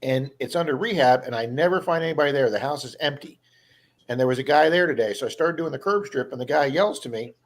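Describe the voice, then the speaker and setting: A man's voice: mid-range voice, fast talker. A man hosting a casual live stream about his day. He rambles through long stories and acts out the people in them. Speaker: live stream host, metal detectorist.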